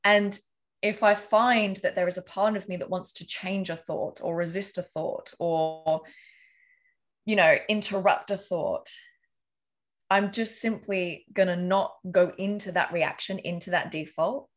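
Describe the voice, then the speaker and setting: A woman's voice: lowish voice, a little slow. Earnest woman explaining with examples. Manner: casual swearing. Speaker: podcast guest. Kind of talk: casual interview talk.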